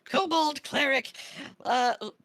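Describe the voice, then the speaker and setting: A woman's voice: high voice, slow, a bit bright, dry recording, studio quality. A woman playing a tabletop game online, introducing her character with self-mocking humor. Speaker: player. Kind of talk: casual chat.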